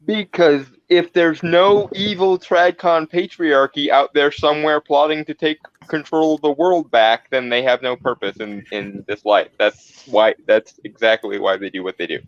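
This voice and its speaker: Guy cracking sarcastic jokes on a stream, slightly high voice, muffled cheap mic, dry. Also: steady tone, moderate pace, hardly any pauses, no room sound. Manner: sardonic, mocking commentary. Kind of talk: casual chat. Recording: dull lo-fi mic.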